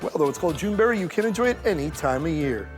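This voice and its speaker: Brief: high-voiced male food presenter, punny showman delivery over faint music. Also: expressive, rapid-fire. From New York. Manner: playful, pun-heavy, showman delivery. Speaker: food show host.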